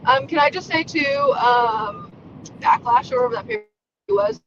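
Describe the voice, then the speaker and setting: A woman co-hosting by phone while she drives, loud and gushing, swearing and laughing as she chats. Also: high voice, very animated, a little slow, gravelly, highs cut off. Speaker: podcast co-host calling in. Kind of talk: casual chat while driving. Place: in a car. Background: road noise.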